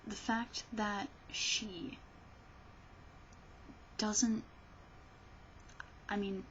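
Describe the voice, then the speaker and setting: A woman's voice: medium pitch, little pitch movement, very slow, fairly bright tone, lo-fi sound, a little hiss or hum. A woman vlogger ranting about politics in a rambling, sarcastic way, often restarting her sentences. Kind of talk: casual political rant.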